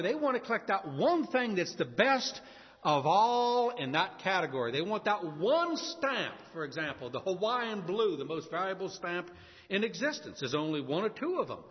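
A man's voice: high voice, slightly rough. A man preaching a sermon to a congregation, telling a story and acting out its characters' voices. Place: church. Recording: lo-fi church hall with long reverb.

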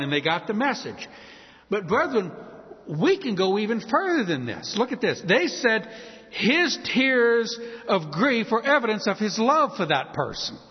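A man preaching a sermon as pastor, expressive, with emphatic rises and slow, weighty pauses. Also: fairly high pitch, breathy edge. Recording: muffled hall reverb.

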